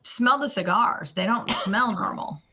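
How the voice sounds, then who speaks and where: A woman playing a tabletop game, chatting in a rambling, halting way. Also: mid-range voice, background noise. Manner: rambling, hesitant, chatty with restarts. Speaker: player. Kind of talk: casual tabletop play.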